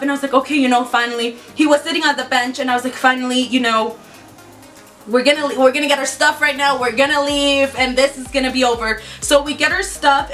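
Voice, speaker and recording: A young woman with a high, bright voice rattles through a storytime vlog. She swears freely and jumps into little impressions of everyone in the story, her delivery quick and animated. Soft music sits underneath. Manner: excitable, swears a lot, quotes herself and others in acted voices. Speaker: vlogger. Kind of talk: storytime vlog, casual retelling.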